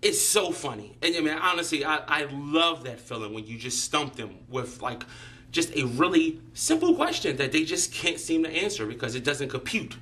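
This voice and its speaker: A man's voice: fairly high pitch, expressive, normal speed, sharp tone. A man delivering a profane, sarcastic comedic rant to camera, mocking people and sometimes putting on voices. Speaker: vlogger.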